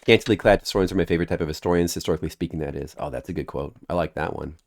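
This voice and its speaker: A man's voice: low-pitched, very fast, a little hiss or hum. A man streaming a video game who rambles in a goofy, joking way and talks to his chat. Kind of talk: casual game-stream chatter.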